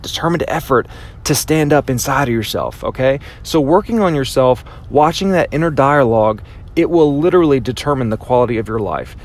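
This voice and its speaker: A man giving a motivational speech, emphatic and repetitive, acting out his inner voice now and then. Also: medium pitch. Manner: emphatic, repeats phrases for impact, acts out inner voices. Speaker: motivational speaker.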